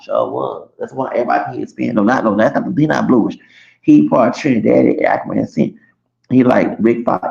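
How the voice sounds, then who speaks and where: A man's voice: medium pitch, creaky, darkish tone. A man telling a long, rambling story on a livestream, cursing freely and talking to his viewers as y'all. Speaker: streamer. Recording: echoey room, dull lo-fi sound.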